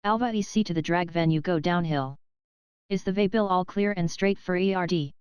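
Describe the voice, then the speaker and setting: A woman's voice: fairly low pitch, moderate pace, clean tone, no echo, highs cut off, lightly acted. Female reader playing a grave elderly coachman with old dialect speech; dry, clean sound. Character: grave elderly male coachman, plain-spoken.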